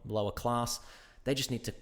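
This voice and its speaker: A man's voice: mid-range voice, normal speed, big-room sound, a little hiss or hum. A man with an Australian accent, an actor chatting casually as a guest and acting out little exchanges as he tells stories. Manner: animated storyteller, acts out exchanges. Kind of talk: casual interview chat.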